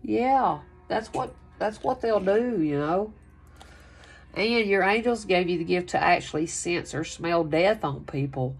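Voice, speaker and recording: A woman's voice: fairly low pitch, expressive, unhurried, breathy edge, faint music behind. Chatty woman giving a card reading. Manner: loose and chatty, with whoops and laughter. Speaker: tarot reader. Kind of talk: casual spoken card reading.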